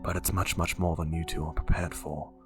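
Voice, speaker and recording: A man voicing a quiet, worried man in his late fifties with a Liverpool accent, speaking in grave, half-whispered warnings. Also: deep voice, little pitch movement, fairly quick, over music. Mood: hushed warning. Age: 50s.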